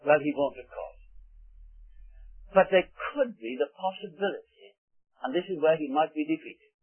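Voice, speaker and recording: A man's voice: fairly high pitch, expressive, normal speed, breathy edge. A man preaching a sermon to his congregation, rambling and digressive with many restarts. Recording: tinny phone-like old recording.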